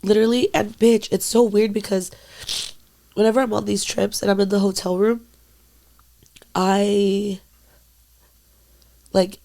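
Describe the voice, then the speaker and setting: A woman's voice: mid-range voice, level tone, measured pace, vocal fry, long pauses, mellow, a little hiss or hum. A young woman co-hosting a podcast, telling a personal story in casual chat, full of "like" and swearing freely. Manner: candid storytelling, heavy filler "like", swears freely. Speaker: podcast co-host.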